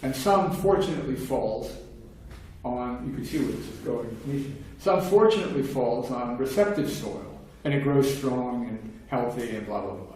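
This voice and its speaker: This is a medium-pitched male voice, steady and mellow, moving at a measured pace. He gives a long, conversational philosophy lecture peppered with dry, casual asides. The sound is captured from afar in a very reverberant room, with a little background noise.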